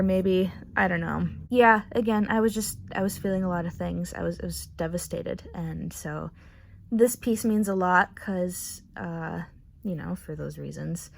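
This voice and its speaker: A woman's voice: lowish voice, gravelly, a bit bright. A young woman in casual chat, rambling and unsure with many fillers as she shows her sketchbook. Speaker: artist showing her sketchbook.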